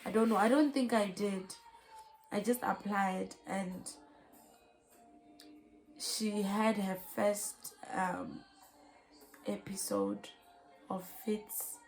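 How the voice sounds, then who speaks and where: A woman's voice: medium pitch, steady tone, extremely slow, pauses often, darkish tone, soft background music, poor audio. A South African mother giving an earnest, emotional personal testimony, with many fillers. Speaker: mother sharing her story.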